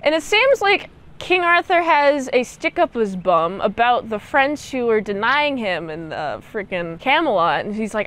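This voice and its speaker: A woman's voice: on the high side, a bit bright, smooth. A young woman giving a casual movie recap and review, chatty and slangy, peppered with "like" and "dude".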